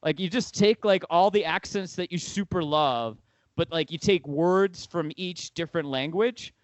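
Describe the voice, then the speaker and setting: A man's voice: on the high side, moderate pace, dry recording. A man hosting a casual podcast chat, talking in a loose, filler-heavy way and laughing easily. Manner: chatty, filler-heavy, giggly. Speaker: podcast host.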